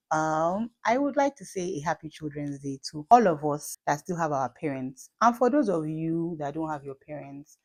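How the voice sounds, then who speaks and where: A woman's voice: sits low, a little mellow. A woman in her late thirties with a Nigerian accent, talking to camera in a chatty, emphatic way with repeats and asides. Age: late 30s. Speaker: vlogger and mother. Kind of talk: casual talk to camera.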